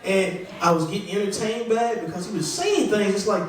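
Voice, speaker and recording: A man's voice: sits high, a little fast. A man doing a stand-up comedy set in a small club, rambling and conversational, poking fun at himself. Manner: rambling, conversational, self-deprecating. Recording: echoey room, voice from far off.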